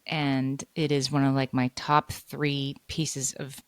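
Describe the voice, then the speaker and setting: A woman in her forties co-hosting a podcast in casual chat, talking quickly and agreeing readily. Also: rumbling low, flat delivery, no room sound. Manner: quick, agreeable, and full of quick affirmations. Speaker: podcast co-host.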